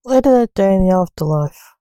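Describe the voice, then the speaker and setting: A woman narrating a story she reads aloud in a plain, unhurried way. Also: medium pitch, expressive, mellow, dry recording, low-quality recording.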